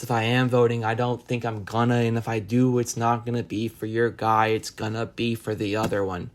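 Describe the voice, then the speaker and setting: A man's voice: mid-range voice, level tone, fairly quick, few pauses. A man hosting a solo podcast, talking in a rambling, profane and wry way. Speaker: podcast host.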